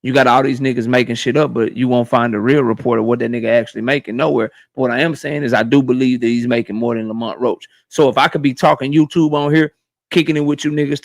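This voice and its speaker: A man hosting a boxing livestream, ranting in a profane, animated, casual way straight to his chat. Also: medium pitch, fast talker, creaky. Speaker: boxing YouTube host.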